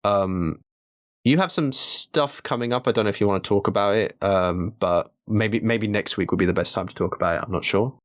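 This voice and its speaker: A man co-hosting a casual podcast chat, speaking haltingly with many restarts. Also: lowish voice, no room sound, clean studio sound. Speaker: podcast co-host.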